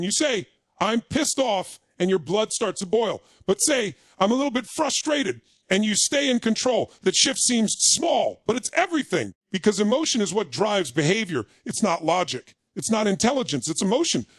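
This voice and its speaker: A man's voice: high voice, no room sound. A man delivering a motivational speech in punchy, emphatic short declarations. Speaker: motivational speaker.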